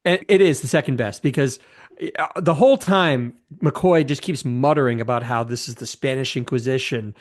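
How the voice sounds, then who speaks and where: Speaking at a normal pace in a mid-range voice, a fifty-something man co-hosts a laid-back podcast about movies. He eagerly walks through scenes, tends to ramble, and frequently backs up to restart what he's saying.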